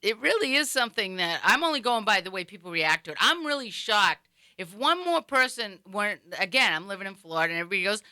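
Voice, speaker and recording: A woman's voice: mid-range voice, no echo, studio quality. A woman from Boston with a Boston accent, telling stories in casual chat and acting out other people's lines. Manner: animated storyteller, acts out others in quick quoted voices. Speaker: guest. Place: studio.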